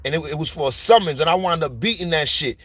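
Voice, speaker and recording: A man's voice: a little high, expressive, fast talker, pushed and bright, dry recording. A man from New York with a New York accent, telling stories in a casual, slang-heavy monologue full of "you heard?" tags. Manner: street slang, repeats "you heard?" and "you know what I'm saying". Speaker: storyteller YouTuber.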